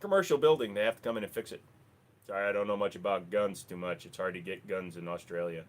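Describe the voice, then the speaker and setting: A man's voice: sits low, fast talker. A man hosting a casual livestream, chatting offhand with viewers, rambling and swearing freely into a desk microphone. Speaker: livestream host.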